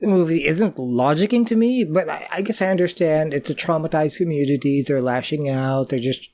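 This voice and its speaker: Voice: mid-range voice, normal speed, a little mellow. A co-host reacting to a horror movie, tossing out blunt opinions and complaints about whatever bugs them. The sound is close and dry, without any echo from the room. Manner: blunt, opinionated and easily annoyed. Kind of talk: casual movie reaction commentary.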